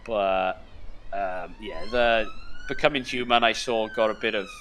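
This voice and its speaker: A young man co-hosts a casual podcast, rambling about games with plenty of fillers and restarts. His voice is bright and a little tense, and his manner stays easygoing. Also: lowish voice, wildly swooping pitch, a little slow, slight background noise. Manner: rambling, filler-heavy, laid-back. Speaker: podcast co-host. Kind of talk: casual chat.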